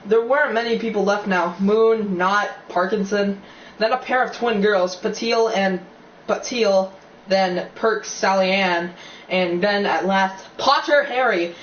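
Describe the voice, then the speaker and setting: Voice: medium pitch, fairly even intonation, measured pace. An amateur audiobook reader narrating a novel, stumbling and restarting now and then, with casual asides. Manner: reads with slips and restarts, chatty asides. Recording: dull, roomy, distant recording with faint hiss.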